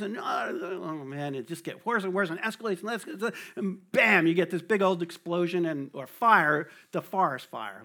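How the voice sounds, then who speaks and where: A man's voice: on the high side, pushed and bright. Chatty New Jersey man teaching scripture. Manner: conversational, laughs often, keeps asking "right?". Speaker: lay preacher or Bible teacher. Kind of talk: casual Bible study talk.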